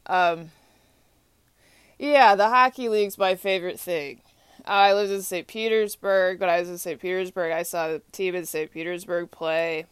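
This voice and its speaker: Woman, young adult, lowish voice, smooth tone, rambling, repetitive, filler pauses. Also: steady tone, no echo. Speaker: hockey fan. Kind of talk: casual spoken monologue.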